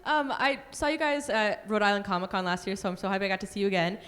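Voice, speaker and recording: A woman's voice: medium pitch, steady tone, fast, fairly bright tone. A young woman in her twenties asks the panel a question in a friendly, slightly nervous way. Her voice carries a long echo from a large convention hall. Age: 20s. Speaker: audience member asking a question.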